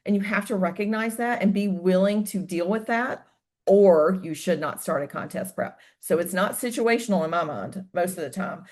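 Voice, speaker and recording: A woman's voice: medium pitch, normal speed, darkish tone. A woman with a mid-range voice speaks on a casual podcast. She talks candidly and animatedly, tells personal stories, and drops casual swear words without fuss. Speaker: podcast guest, host's wife.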